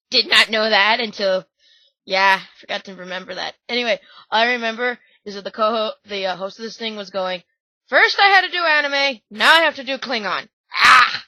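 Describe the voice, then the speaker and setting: A young woman gushing through slideshow commentary, squealing with excitement, her throat sore and strained. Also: mid-range voice, no echo. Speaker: vlogger. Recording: dull, dry lo-fi recording.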